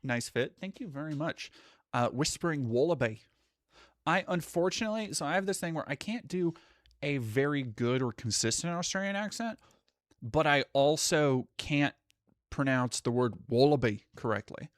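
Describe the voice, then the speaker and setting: A man's voice: on the high side, lively intonation, normal speed, dry recording, clean studio sound. A man streaming live, chatting casually and profanely while reading out viewer comments. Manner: rambling, profane, reads chat aloud. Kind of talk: casual livestream chat.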